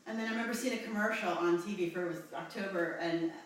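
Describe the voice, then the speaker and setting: A woman from New Jersey in her forties, telling a personal story in an interview with halting, rambling speech and many fillers. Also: lowish voice, distant mic. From New Jersey, USA. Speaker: interview guest. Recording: echoey room, voice from off-mic.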